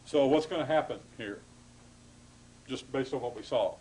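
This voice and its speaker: A man lecturing a class on grammar, halting and full of fillers, stopping to correct himself. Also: medium pitch, a little mellow, a little hiss or hum, rough recording.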